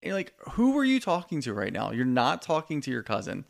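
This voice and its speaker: Podcast co-host, male, mid-pitched with a gravelly edge, casual storyteller. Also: a little fast. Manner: relaxed storytelling, quotes people in lively bursts. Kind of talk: casual chat recapping reality TV.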